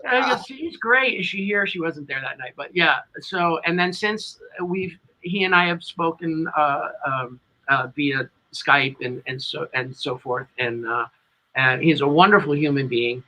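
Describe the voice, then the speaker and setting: A man's voice: on the high side, measured pace, sharp tone, low-quality recording. A middle-aged man with a New England accent, a tribute band singer telling a long, rambling story as an interview guest.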